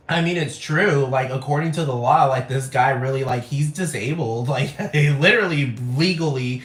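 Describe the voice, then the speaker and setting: A man's voice: medium pitch, normal speed, few pauses, reverberant, rough recording. A man ranting casually to camera, rambling and profane, repeating himself and laughing often. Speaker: vlogger.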